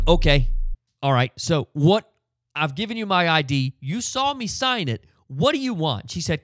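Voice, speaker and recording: Middle-aged male podcast host, lively swinging delivery, dry close sound, casual profane ranter. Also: a little high, moderate pace, no echo. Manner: profane, animated storytelling with frequent fillers. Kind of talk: ranting casual monologue.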